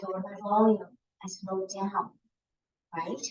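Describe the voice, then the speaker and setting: A woman's voice: mid-range voice, steady tone, slow pace, a little mellow. A middle-aged woman giving a seminar to a class as a communication coach, demonstrating points by shifting her tone and pace. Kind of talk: lively presentation to a class. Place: lecture room. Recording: roomy, distant, dull lecture-hall recording.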